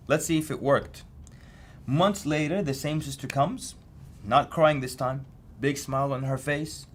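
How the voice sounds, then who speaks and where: A man's voice: medium pitch, a little slow, slight background noise. A man giving a recorded lecture, telling stories in a conversational way and often repeating and restarting his words. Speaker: Islamic course lecturer.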